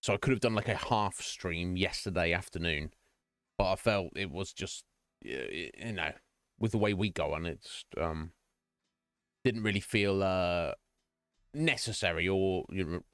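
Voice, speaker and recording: A man's voice: deep voice, fairly bright tone, no room sound, clean studio sound. A man chatting casually with viewers on a game stream, rambling with lots of fillers and restarts.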